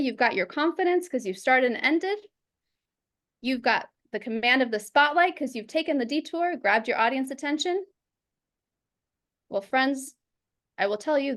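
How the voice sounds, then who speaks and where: A woman teaching public speaking over a video call, lively and acting out examples in quoted voices. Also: high voice. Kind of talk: instructional talk.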